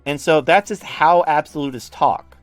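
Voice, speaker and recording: A man's voice: fairly high pitch, normal speed, no echo, soft background music. A man from the United States explaining political charts in a casual, blunt and profane way. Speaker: political commentator. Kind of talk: casual explanatory talk over a shared chart.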